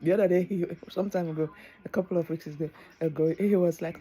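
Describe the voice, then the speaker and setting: A woman's voice: fairly low pitch, fairly even intonation, quick pace, mellow, slightly rough, low-quality recording. A middle-aged woman, tearing up as she gives earnest, preachy advice in a vlog, repeating phrases for emphasis. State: tearful. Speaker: vlogger. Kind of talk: heartfelt advice monologue.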